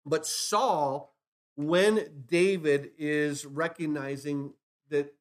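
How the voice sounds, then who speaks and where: A man's voice: fairly high pitch, unhurried. A man preaching a sermon, building emphasis with rhetorical questions and retelling scripture stories. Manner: acts out scripture dialogue in retellings. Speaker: pastor.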